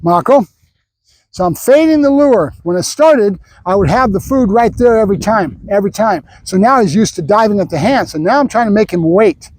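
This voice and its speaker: A man training a dog, explaining his method out loud while praising the dog. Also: high voice, animated, brisk, hardly any pauses, dry recording.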